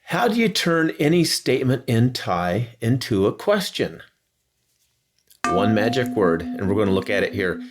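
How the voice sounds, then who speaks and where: A man's voice: fairly low pitch, big pitch swings, normal speed. A man giving a casual, playful video language lesson with a breezy, slangy manner. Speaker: language teacher.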